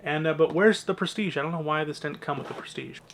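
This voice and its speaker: A young man with a voice that sits a little on the high side. He talks in a loose, rambling way, tossing out opinionated asides as he moves from one item to the next. His delivery is casual and conversational, like an unscripted home vlog. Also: fast, a bit bright, a little hiss or hum. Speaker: movie collector vlogger. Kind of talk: casual collection walkthrough.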